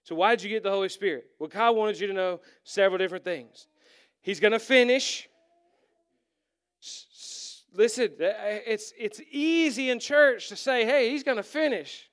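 A middle-aged man preaching a sermon as a pastor, animated and self-deprecating, acting out quoted lines as he tells stories. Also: high-pitched, normal speed.

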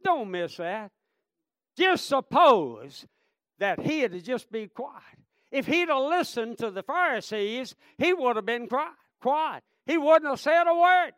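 A male preacher with a very high voice, delivering a fiery sermon. He repeats his points and keeps calling out to the congregation. The sound is close and dry. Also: sing-song, measured pace, fairly bright tone, no echo. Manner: fervent, repetitive, calls out "Amen?" and "friend".

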